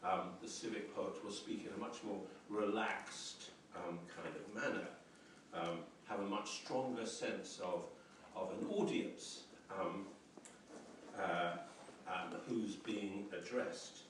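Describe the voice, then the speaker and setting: A low-voiced man lecturing on poetry, pausing often with ums and circling back over his words in a thoughtful, unhurried way. He is heard from some distance in a strongly echoing lecture room, with a faint hum of room ambience underneath. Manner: hesitant, many ums and restarts, reflective. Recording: roomy echoey lecture hall, mic at a distance.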